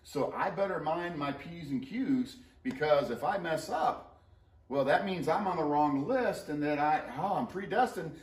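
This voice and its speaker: A man teaching a casual co-taught history lesson, animated and joking with playful asides. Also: on the high side, normal speed. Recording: roomy sound, mic at a distance.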